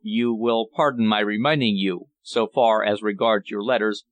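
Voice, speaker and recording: A deferential older butler speaks in formal, respectful tones, voiced by a male narrator. The voice drops low and quiet, and each line ends with a polite "sir.". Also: fairly even intonation, normal speed, no room sound, lightly acted.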